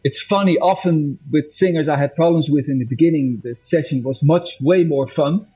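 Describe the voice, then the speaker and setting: Casting: husky-voiced male musician, loose chatty interview, dull lo-fi sound, faint music behind. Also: a little high, normal speed, dark tone. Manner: rambling, self-correcting, laughs often. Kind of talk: casual interview chat.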